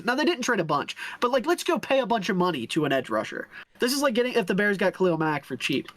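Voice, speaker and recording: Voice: mid-range voice, very animated, a bit bright, dry recording. A podcast co-host in casual sports chat, opinionated and chatty, talking into their own desk mic. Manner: opinionated, chatty, quick to laugh.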